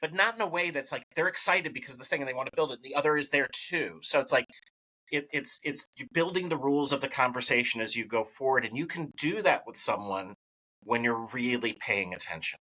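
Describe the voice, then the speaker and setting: Podcast host guy, bright kinda husky voice, rambly and excited, keeps restarting. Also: mid-range voice, brisk, low-quality recording. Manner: enthusiastic, rambling, lots of restarts. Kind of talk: podcast interview.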